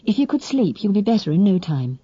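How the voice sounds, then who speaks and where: A woman voicing a spirited young woman who speaks in a brisk, coaxing and firm way. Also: mid-range voice, sing-song, warm tone, husky, dry recording, dull audio. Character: spirited young Englishwoman, kind but firm.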